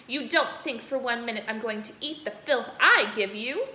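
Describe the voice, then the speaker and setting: A woman voicing a cruel, tyrannical headmistress who booms and hurls insults. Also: lively intonation, moderate pace. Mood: furious. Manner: booming, shouting insults. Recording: roomy echo, faint noise.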